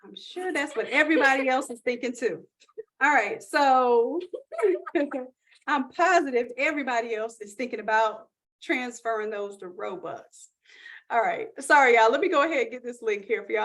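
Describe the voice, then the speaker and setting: Brief: higher-pitched woman, chatty livestream host making a sales pitch. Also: moderate pace, fairly bright tone. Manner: chatty, upbeat, pitching offers to chat viewers. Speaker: online course host. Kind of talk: live-stream sales pitch.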